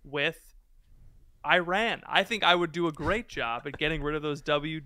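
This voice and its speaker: A man's voice: fairly high pitch, normal speed, pushed and bright, no echo. A man co-hosting a casual podcast chat, joking and riffing with his co-host.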